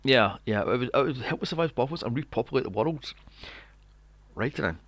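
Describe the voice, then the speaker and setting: A man hosting a podcast, recapping a film in casual chat, animated and sweary, acting out scenes in mocking voices. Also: medium pitch, a little fast, no echo. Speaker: podcast host. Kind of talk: casual movie review chat.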